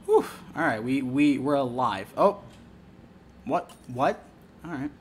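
A young man commenting on a horror game as he plays it. His pitch sits in an ordinary middle range, and he swears freely and jumps into startled yelps. A faint hiss runs under the recording. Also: takes it slowly. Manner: swearing, jumpy and excitable, yelps when startled. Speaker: let's play gamer.

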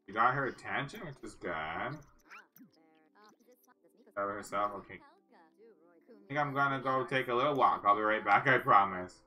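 Very low-voiced woman chatting over a game. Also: normal speed, pauses often, bright, forceful tone. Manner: cooing, chatty, talks to the game characters. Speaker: gaming channel host. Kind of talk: casual let's-play commentary.

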